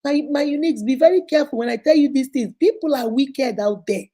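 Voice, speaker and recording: A woman in her fifties with a Nigerian accent talks in a mellow, fairly high voice. She hosts a casual advice stream and scolds in an animated way. She mixes in pidgin and Igbo phrases. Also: fast talker, slight background noise. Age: 50s. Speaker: host. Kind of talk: casual livestream advice talk.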